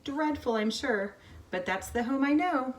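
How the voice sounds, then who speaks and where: A woman's voice: high-pitched, lively intonation, unhurried, slight background noise, pitched above the performer's own voice. A woman voicing a motherly female gull who squawks and answers in sing-song rhyme, read from a storybook.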